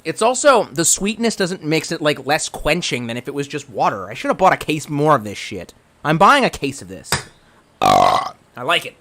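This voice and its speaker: His voice is a little high and his speed normal as he hangs out on a livestream, reading the chat out loud. He rambles, curses, restarts his sentences with stammers, and flips from excited to gloomy.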